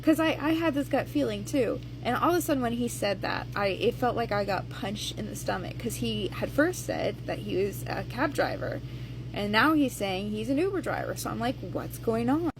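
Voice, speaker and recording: A woman's voice: on the high side, moderate pace, gravelly, a little hiss or hum, poor audio. A woman casually telling a personal travel story, hesitating at times and acting out the quoted lines. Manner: conversational retelling, with hesitations and acted-out quotes.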